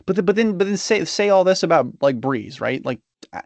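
A man with a fairly high voice argues football with his co-host, teasing him and swearing freely. His delivery stays loose and conversational. The sound is dry and close. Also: sing-song, a little fast, vocal fry, darkish tone, no echo. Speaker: podcast co-host. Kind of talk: casual sports chat.

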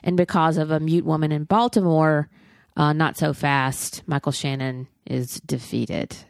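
A middle-aged woman with a low, gravelly voice talks in candid, profane, rambling chat about films. Her voice sits dry and close to the mic, with no room around it. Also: fairly even intonation, unhurried, a little mellow, dry recording. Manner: candid, profane and chatty with frequent restarts. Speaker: podcast co-host reviewing films. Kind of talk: casual chat.

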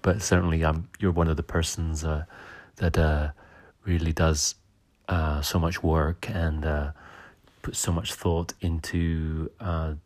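A male podcast host talks through listener messages in a casual, halting way. His voice sits very low, with frequent ums and uhs. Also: flat delivery. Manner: hesitant, full of ums and uhs.

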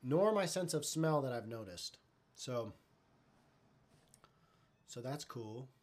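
A man's voice: medium pitch, lively intonation, slow pace, a little mellow. Loose, profane male stream host. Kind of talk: casual live stream chat.

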